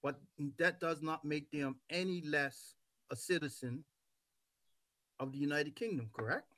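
Male talk host from Bermuda; measured, emphatic delivery; dry, close mic. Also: a little high, a bit bright, no echo. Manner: deliberate, emphatic, stretches words for stress. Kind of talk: casual talk show conversation.

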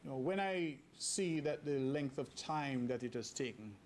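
A government leader speaks at a press event in a measured, official way. His voice sits at a middle pitch for a man. There is a faint ambient murmur under his careful phrasing. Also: expressive, a little mellow, slight background noise. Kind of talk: formal press remarks.

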